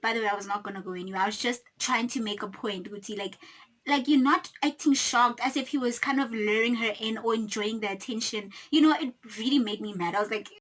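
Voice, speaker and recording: Animated South African woman in her twenties. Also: a little high, quick pace, rough recording. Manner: animated, indignant storytelling with frequent asides to viewers. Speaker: YouTuber. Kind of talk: storytime vlog.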